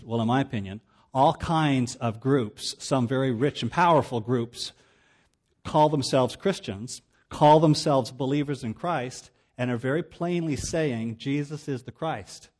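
A man's voice: medium pitch, a little mellow. A male pastor preaching a sermon in a plain, conversational teaching manner with casual asides.

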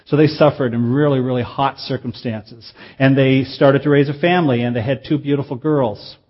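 A man's voice: medium pitch, fairly even intonation. Earnest male preacher, slightly muffled. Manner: earnest, measured, slows for emphasis. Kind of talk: sermon.

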